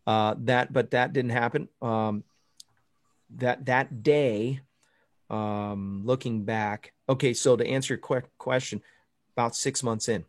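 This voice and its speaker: A man who is a pastor, telling animated stories in a casual chat over a video call. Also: mid-range voice, slow pace, no room sound, studio quality. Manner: storytelling, animated, laughs often. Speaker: podcast guest and pastor.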